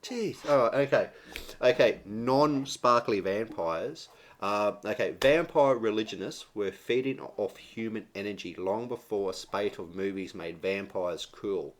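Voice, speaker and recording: An Australian man co-hosting a radio show, joking and teasing his partner with lots of laughter. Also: fairly low pitch. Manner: teasing, laughs often, quick banter. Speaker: podcast co-host.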